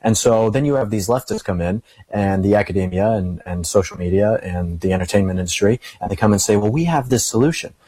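A man's voice: sits low, steady tone, a little fast, few pauses, dark tone, dry recording. A young adult man talking in an earnest way as an interview guest, telling stories and giving opinions. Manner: earnest, storytelling. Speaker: guest, political commentator. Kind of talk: casual interview talk.

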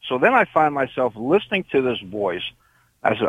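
A man's voice: mid-range voice, big pitch swings, moderate pace, breathy edge, narrow, tinny audio. An older man calling in from Indiana, telling a long rambling story with many fillers. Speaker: caller. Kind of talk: phone-in call.

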